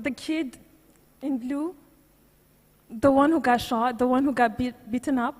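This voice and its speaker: A woman's voice: high-pitched, a little mellow. A woman speaking at a youth conference, near tears, apologizing and laughing as she speaks. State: on the verge of crying. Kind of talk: emotional speech. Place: large conference hall. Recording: echoey hall, long reverb.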